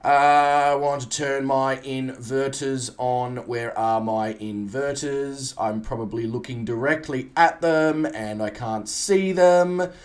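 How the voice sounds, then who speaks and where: A man's voice: mid-range voice, takes it slowly, few pauses. An Australian man chatting casually on a live stream, greeting viewers by name and swearing lightly as he sets up a flight sim.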